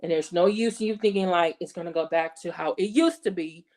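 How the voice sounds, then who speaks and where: A woman's voice: fairly low pitch, a little fast, darkish tone. A woman hosting her own channel, talking in an emphatic, conversational way and often checking in with "okay" and "right". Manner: emphatic, repeats "okay" and "right", acts out quoted voices. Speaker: channel host. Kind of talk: casual commentary monologue.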